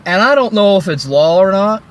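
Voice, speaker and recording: A vlogger stands by a road ranting furiously into his phone, swearing heavily and dripping sarcasm. His voice is high-pitched with lively intonation at normal speed.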